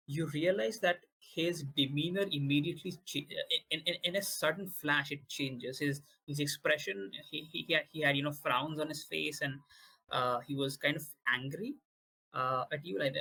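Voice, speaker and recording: A man runs a tabletop role-playing session, narrating with frequent stumbles and restarts. His voice is husky and sits slightly high. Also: bright, forceful tone, poor audio. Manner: halting, many restarts. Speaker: game master.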